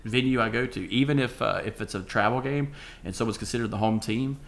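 A man's voice: mid-range voice, brisk, a bit bright. A man hosting a podcast, telling stories in casual, profane chat and laughing often. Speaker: podcast host.

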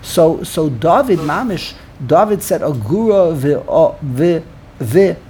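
A man with a fairly high voice talks through grammar in a relaxed study session. He keeps circling back, repeating words as he reaches for his point, with faint ambient noise behind him. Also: slow pace. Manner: explanatory, repeats words while thinking. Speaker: Torah study participant. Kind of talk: casual study discussion.

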